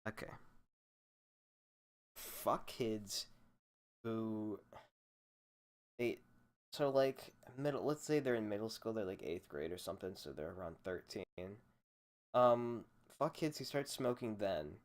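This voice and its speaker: A man's voice: fairly low pitch, lively intonation, slow pace, long pauses. Rambling, profane young man ranting. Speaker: podcast host. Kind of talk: solo rant podcast. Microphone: desk microphone.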